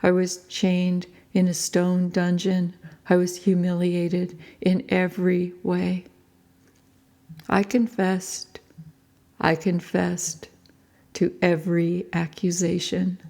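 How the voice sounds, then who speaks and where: Woman narrating an audiobook, grave and measured, low voice, flat delivery, gravelly texture. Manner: grave, measured first-person storytelling. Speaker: author reading her own book.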